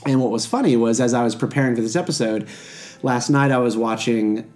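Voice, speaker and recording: A man hosts a podcast in an easygoing chat, upbeat and brisk, with a mid-range voice. He speaks casually, with the odd "um" as he sets up the topic. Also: medium pitch, darkish tone, soft background music. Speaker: podcast host.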